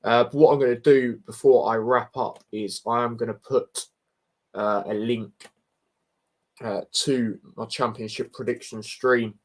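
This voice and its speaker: A man's voice: mid-range voice, fairly even intonation, measured pace. A young man hosting a football livestream indoors at home, chatting casually with viewers in a laid-back, bantering way with lots of fillers. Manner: laid-back, banter-heavy, frequent fillers like mate and bro. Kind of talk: casual livestream chat reading viewer comments.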